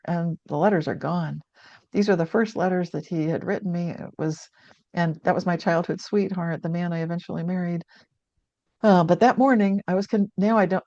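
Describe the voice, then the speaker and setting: An older woman speaks in a low, mellow voice, recounting a personal story in an earnest, reflective way. She often restarts her sentences mid-thought. The dry sound is dull and lo-fi. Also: no echo. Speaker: guest author. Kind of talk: conversational storytelling.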